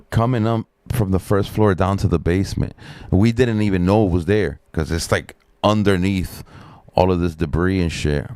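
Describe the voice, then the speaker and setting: A middle-aged man rambling through a profane story on a casual live stream, with lots of fillers and a sharply higher voice when he quotes other people. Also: gravelly, darkish tone, no echo. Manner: raises pitch sharply when quoting others.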